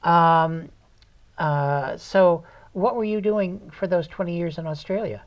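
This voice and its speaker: A woman's voice: on the low side, takes it slowly, dull audio. A woman hosting a local talk show, chatting with her guest in a folksy, joking way. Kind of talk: casual interview chat.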